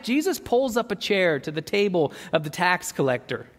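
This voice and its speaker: A man's voice: high voice, animated, moderate pace, big-room sound. A man preaching a sermon into a microphone, earnest and full of rhetorical questions, often repeating words as he searches for the next thought. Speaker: pastor.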